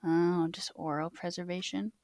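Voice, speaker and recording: A woman's voice: lowish voice, flat delivery, normal speed, darkish tone, no room sound, studio quality. A young American woman streaming from home, chatting casually with many fillers. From United States. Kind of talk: casual live-stream chat.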